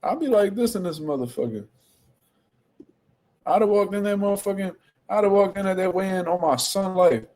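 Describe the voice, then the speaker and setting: Young Philly man, stream host, slightly high voice, profane and animated. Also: normal speed, pauses often. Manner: profane, animated trash talk. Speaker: boxing commentary host. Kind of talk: casual reaction commentary.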